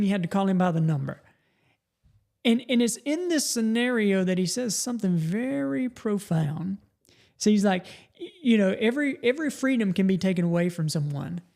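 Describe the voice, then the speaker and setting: A man's voice: high-pitched, a little mellow. A middle-aged man, hosting a podcast and giving a folksy motivational talk, often restarting his words. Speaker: podcast host.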